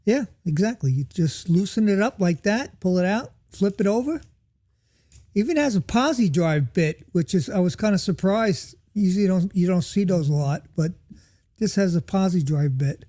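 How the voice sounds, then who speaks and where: A man's voice: high voice, lively intonation, moderate pace, warm tone, dry recording. A man from New Jersey co-hosting a casual podcast, joking and teasing the others. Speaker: podcast co-host. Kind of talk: casual chat.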